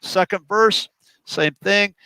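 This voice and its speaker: A drum teacher talking through a song chart in a relaxed roundtable, counting beats aloud as he demonstrates grooves. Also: high-pitched, slow pace, clean tone, dry recording, low-quality recording.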